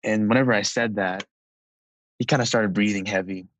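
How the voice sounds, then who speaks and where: A man of twenty-one, a podcast guest, telling a personal story in a relaxed, chatty way with frequent fillers. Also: lowish voice, normal speed, no echo, poor audio.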